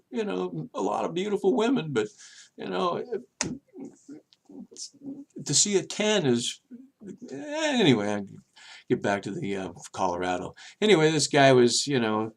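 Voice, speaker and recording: An older man hosting his own video show, telling rambling personal stories in a chatty, meandering way with many restarts, and getting animated when he quotes other people. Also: mid-range voice, vocal fry. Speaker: vlog host.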